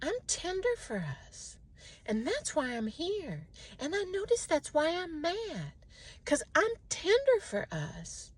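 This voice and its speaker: A middle-aged woman in a casual self-reflective monologue, animated and talking to herself. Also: very high voice, slow pace. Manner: animated, talks to herself, mimics others' voices. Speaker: vlogger.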